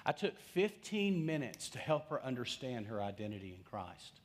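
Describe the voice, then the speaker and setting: A man's voice: mid-range voice, very animated, moderate pace, husky. A middle-aged male pastor preaching a sermon, telling a story and putting questions to his congregation.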